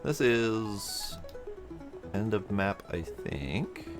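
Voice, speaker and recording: A man's voice: fairly low pitch, very animated, drawn-out words. A man giving wry, casual commentary as he plays a game, muttering to himself and talking to the game. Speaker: game streamer. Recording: faint game music behind.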